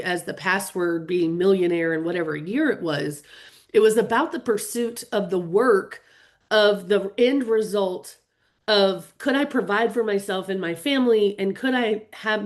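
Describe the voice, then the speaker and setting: A middle-aged woman with a medium-pitched voice coaches real estate agents in a live webinar. She addresses viewers earnestly and lets her emotions show openly.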